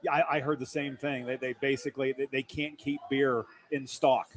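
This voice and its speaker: A man co-hosting a live talk show who talks in a halting way, often repeating words. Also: medium pitch, little pitch movement. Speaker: co-host. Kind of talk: casual talk show chat.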